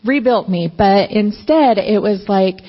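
A woman's voice: mid-range voice, a little slow. A pastor's wife giving an emotional, candid personal testimony, acting out her own past outbursts. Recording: reverberant hall, dull lo-fi sound.

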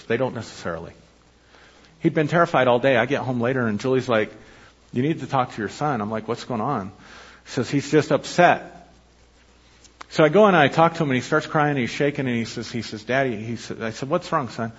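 A man preaching a sermon as pastor, telling a personal story in a conversational way with quick asides. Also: mid-range voice, breathy edge. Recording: dull lo-fi sermon recording.

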